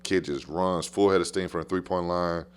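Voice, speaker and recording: A man with a very deep voice tells stories from his coaching career in a loose, slangy podcast style. He talks with plenty of animation and hammers his points by repeating short phrases. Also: steady tone, normal speed, smooth. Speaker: basketball coach. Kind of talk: casual podcast storytelling.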